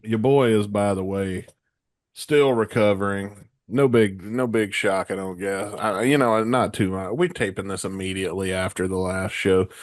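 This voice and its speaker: A man's voice: fairly low pitch, fairly even intonation, normal speed, dry recording, studio quality. A man hosting a rock podcast while sick with a cold, swearing and stammering through casual stories. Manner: profane storytelling, stammering restarts. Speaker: podcast co-host. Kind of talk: casual rowdy chat.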